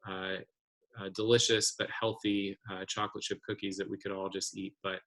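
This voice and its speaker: A man's voice: low voice, level tone, normal speed, a bit bright, low-quality recording. A man hosting an online community discussion over a video call, talking thoughtfully with many fillers and restarts. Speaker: webinar host.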